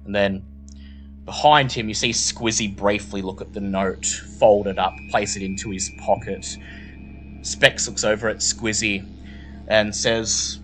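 A man narrating a tabletop role-playing game as game master, telling the story slowly and deliberately. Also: fairly low pitch, fairly even intonation, fairly bright tone, soft background music, low-quality recording.

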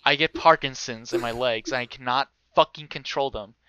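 A young man tells a story casually and with animation, swearing freely and acting out other people's voices. His voice is mid-range and clean at a moderate pace, with no room sound.

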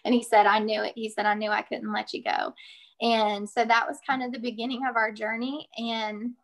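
A woman's voice: fairly high pitch, little pitch movement, moderate pace. A middle-aged woman telling a personal story as an interview guest, chatty and earnest, with many fillers. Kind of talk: casual storytelling.

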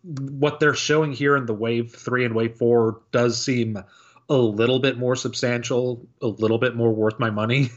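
A man's voice: medium pitch, fairly even intonation, normal speed. A man co-hosting a casual gaming podcast, joking and rambling with self-deprecating asides, on a dull recording. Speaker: podcast co-host. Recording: dull lo-fi audio.

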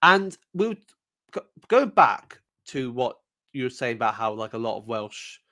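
A man's voice: mid-range voice, big pitch swings, a little slow, sharp tone. A man from England co-hosting a podcast in casual chat, hesitant with lots of ums and repeated words. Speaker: podcast co-host.

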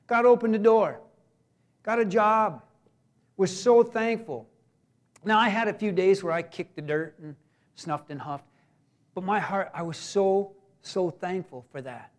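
A man, a pastor, preaching a sermon in a folksy way with joking asides, swinging between emphatic raised lines and hushed quiet ones. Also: high voice, moderate pace.

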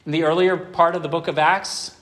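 A middle-aged man delivers a sermon to his congregation. His voice sits a little high for a man, and he presses hard on key points before easing back down. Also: flat delivery, fairly quick. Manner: emphatic preaching, swinging from loud to quiet. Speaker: pastor.

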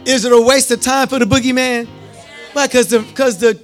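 A man preaching a sermon, calling out to the congregation and repeating lines, moving from loud cries to hushed tones. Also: very high voice, fairly even intonation, moderate pace, soft background music, some chatter behind. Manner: call-and-response, repetitive, swings from loud to hushed.

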